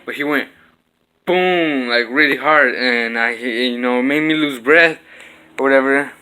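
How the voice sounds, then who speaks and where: A man's voice: mid-range voice, normal speed, clear, resonant tone. Young man telling a fight story with sound effects. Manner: animated storytelling, acting out blows with sound effects. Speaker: vlogger. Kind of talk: casual storytelling vlog. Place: home kitchen.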